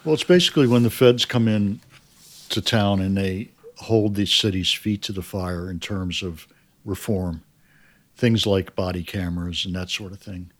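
With a low voice, a crime-series collaborator gives careful, explanatory interview answers. He often lets his words drift off into quiet.

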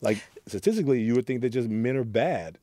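Animated and fast-talking, the Oakland youth program leader has a mid-range, warm voice on a dry recording. He earnestly relates past experiences in a reflective interview, performing what people said.

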